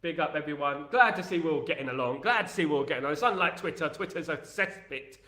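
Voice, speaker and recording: A man hosting a football show, chatting and reading viewer comments in an animated, rambling, emphatic way full of British slang. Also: on the high side, quick pace. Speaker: football podcast host. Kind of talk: live-stream chat reading viewer comments. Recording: echoey room.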